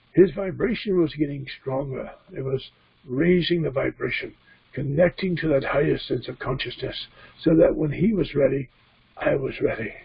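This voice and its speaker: A man voicing a calm male spirit guide that speaks through him, measured and solemn, on a dull, dry computer recording. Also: mid-range voice, vocal fry, husky, pitched above the performer's own voice. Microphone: computer mic.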